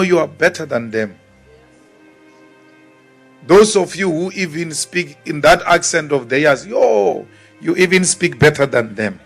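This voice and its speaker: This is a South African man giving a political speech in a high, ringing voice. He speaks slowly and deliberately, with defiant weight on each point, and faint music plays behind him. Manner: forceful, defiant, repeats phrases for emphasis; mimics timid voices mockingly. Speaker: politician addressing a crowd.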